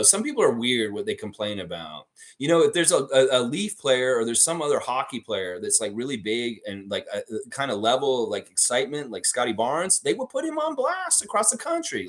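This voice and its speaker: A man hosting a casual live stream, talking animatedly with frequent swearing and reading out viewer comments. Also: mid-range voice. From Canada. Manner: animated, profane, reads viewer comments aloud. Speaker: livestream host.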